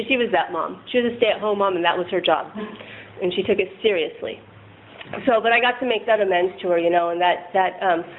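A woman candidly sharing a rambling, self-deprecating personal recovery story, laughing often. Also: medium pitch. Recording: tinny phone-like line with faint noise.

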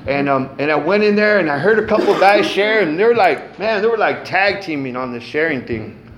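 A man's voice: fairly high pitch, animated, brisk, noisy background. A middle-aged man giving a casual, salty personal testimony at a recovery meeting, peppered with "man" and "um". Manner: casual, frequent "man" and "um", cusses freely.

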